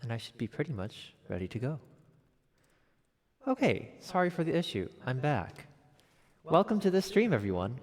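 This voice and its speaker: A young adult man from Connecticut, USA, chats casually on a piano livestream from his home, upbeat and talkative with gleeful exclamations. His voice is a little high and has a big-room sound.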